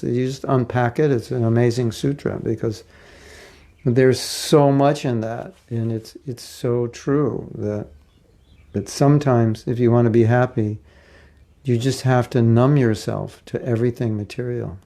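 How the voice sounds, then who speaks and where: Man, spiritual teacher, lecture class, conversational, gravelly, warm. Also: mid-range voice, steady tone, unhurried. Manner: conversational, rhetorical questions, acts out quotes.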